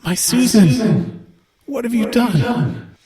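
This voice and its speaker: A man voicing a bitter, anguished middle-aged mother in a tabletop role-play, in a high, strained, wailing voice. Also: expressive, slow, echoey room, crowd noise, low-quality recording.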